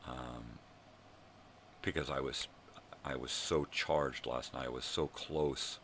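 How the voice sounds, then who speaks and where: An older man hosting his own daily vlog, ranting angrily and swearing, with bursts of shouting. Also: a bass voice, fairly even intonation, takes it slowly, slight background noise. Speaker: vlog host. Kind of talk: angry profane rant.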